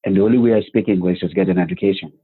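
A man telling his life story as a guest, animated, with rhetorical questions and acted-out quotes. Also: deep voice, rapid-fire, slightly rough. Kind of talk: personal storytelling. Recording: phone-like narrow band.

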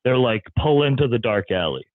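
A man's voice: medium pitch, lively intonation, brisk, dry recording. A man who is a comedian guest, telling wild stories in casual chat and laughing often. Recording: tinny phone-like line, dry.

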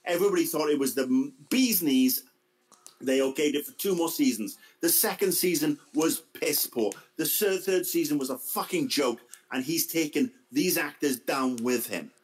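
A man's voice: fairly high pitch, normal speed, slight background noise, low-quality recording. Profane ranting male co-host. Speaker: podcast co-host. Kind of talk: casual podcast chat.

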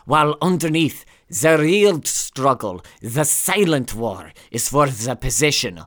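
A woman voicing a pompous male German psychologist in a bad, put-on German accent that slides toward Scottish, declaiming slowly. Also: extremely low pitch, lively intonation, fairly bright tone, exaggerated voice. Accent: German, put on badly, drifting Scottish.

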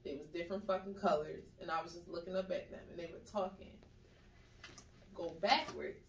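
A woman in casual chat, telling dream stories in a slangy, animated way and acting out the voices she quotes. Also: fairly low pitch, brisk, a little hiss or hum. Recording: echoey room, mic at a distance.

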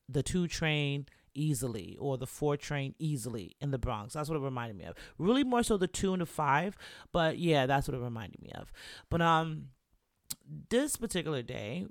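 A man's voice: medium pitch, dry recording, clean studio sound. A young American man who raps, telling a travel story casually and animatedly, with lots of filler words. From United States. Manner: animated, chatty, full of "like" and "you know".

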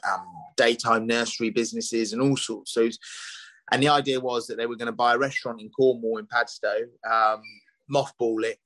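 A middle-aged man speaking at an ordinary pitch, recounting his past in a loose, rambling way and circling back with fillers as he goes. The recording is dry and close, with almost no room sound. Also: fairly bright tone, no echo, rough recording. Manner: rambling, with many restarts and "you know" fillers. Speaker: chef and restaurateur, podcast guest. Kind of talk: casual storytelling interview.

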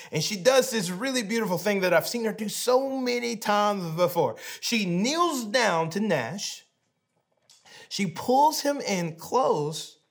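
Preaching a sermon, a man in his thirties with a fairly high pitch recounts a family story. He shifts back and forth between hushed softness and animation.

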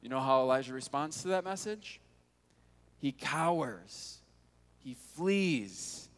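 A man's voice: medium pitch, lively intonation, takes it slowly. Casual preacher man in an echoing hall. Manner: casual, conversational storytelling with rhetorical questions. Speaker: pastor. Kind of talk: sermon. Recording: long hall reverb.

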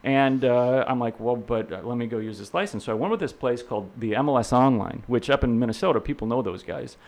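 Here the real estate instructor, a middle-aged man, talks fast in a mid-range voice with a darkish tone. His casual interview stories ramble, packed with fillers and restarts, and he performs the voices of people he quotes.

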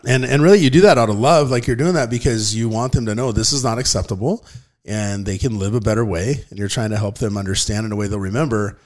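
This podcast co-host is a man in his thirties and a dad, with a lowish, slightly mellow voice. He talks earnestly in casual conversation, rambling and frequently starting over.

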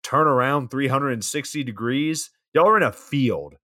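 A man's voice: medium pitch, normal speed, sharp tone, no echo, studio quality. Wry, profane man recapping a movie. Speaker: podcast co-host.

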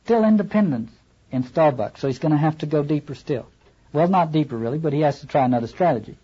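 A man's voice: fairly high pitch, lively intonation, fast, mellow, husky, muffled recording. A man lecturing on literature, reading passages aloud and adding wry asides.

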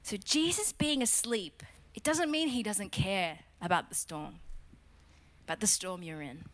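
A woman's voice: mid-range voice, a little slow, fairly bright tone. A woman preaching a sermon with emphatic teaching rhythm, putting questions to her listeners.

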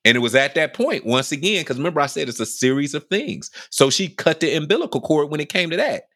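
A man telling a personal story on a podcast in a casual, animated way, repeating phrases for emphasis and acting out what people said. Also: fairly high pitch, quick pace, no room sound, studio quality. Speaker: podcast speaker telling his life story.

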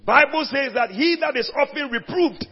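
A man's voice: very high-pitched, lively intonation, moderate pace. A man preaching an altar call, urgent and commanding, calling people forward with repeated pleas. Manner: urgent, commanding, repetitive calls. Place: large church hall. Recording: echoey hall, dull sound, faint music.

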